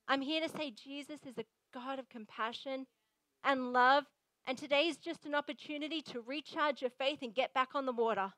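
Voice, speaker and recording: A woman pastor giving a sermon in an energetic, emphatic, conversational way. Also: high-pitched, moderate pace, no room sound, low-quality recording.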